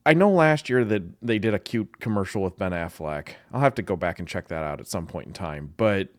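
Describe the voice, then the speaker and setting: A man in the role of a marketing professor delivers ad reaction commentary, bluntly picking apart a commercial with clear exasperation. His voice swings widely in pitch as he talks. The sound is close and dry, with almost no room echo. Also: animated, brisk, few pauses. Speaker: marketing professor reviewing ads.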